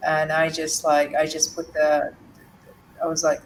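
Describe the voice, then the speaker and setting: A woman's voice: deep voice, completely flat delivery. Woman telling her story. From Jordan. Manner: halting, with many restarts and fillers. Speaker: guest. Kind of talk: emotional personal story in an interview. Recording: distant mic with faint background noise.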